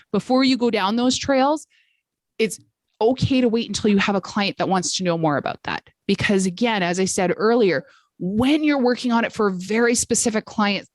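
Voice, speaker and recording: A woman's voice: mid-range voice, no room sound. Chatty woman coach, dry sound. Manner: chatty storytelling with exclamations. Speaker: travel sales coach and podcast host. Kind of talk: coaching call.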